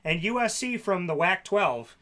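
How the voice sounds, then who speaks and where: Sports talk co-host, man, sharp bright tone, slightly high pitch, sarcastic rants. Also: expressive, moderate pace. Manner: sarcastic, ranting.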